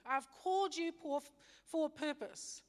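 A woman's voice: high-pitched, measured pace. A woman voicing God as a commanding yet reassuring male deity in a casual, plain-spoken paraphrase, in a hall with long reverb.

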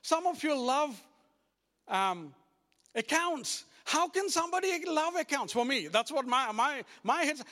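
A pastor preaching to his congregation, a man with a notably high voice. He talks straight at the room, repeating and restarting as he goes. The sound rings with the long reverb of a church hall. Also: measured pace, long pauses. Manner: animated, repetitive restarts, addresses congregation directly. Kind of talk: sermon.

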